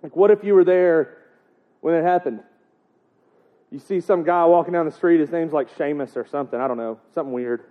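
Preaching fairly quickly in a fairly high voice, this man keeps his sermon casual and jokey, frequently throwing rhetorical questions at the crowd. The recording has a thin, phone-like tone.

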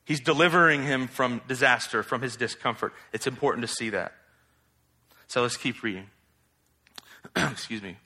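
A man preaching an expository sermon in a conversational, animated way, asking rhetorical questions. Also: mid-range voice, normal speed, pauses often.

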